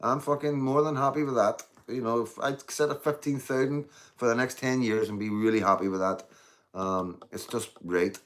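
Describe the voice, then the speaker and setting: A man's voice: mid-range voice, a bit bright. A man in his fifties with a Northern Irish accent, chatting casually on a live stream, rambling and earnest and swearing freely.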